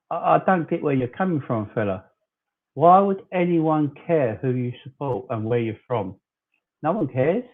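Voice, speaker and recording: A man's voice: on the high side, lively intonation, normal speed. A man in his forties from southern England, hosting a casual fan livestream, chatting loosely and arguing back at commenters he calls "fella". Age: 40s. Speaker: fan channel host. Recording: tinny phone-like sound.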